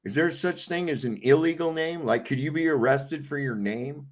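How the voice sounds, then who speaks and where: A man's voice: on the high side, normal speed. A man hosting a casual online panel chat, laid-back and swearing, who acts out comedy scenes in put-on voices. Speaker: panel host. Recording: online call audio.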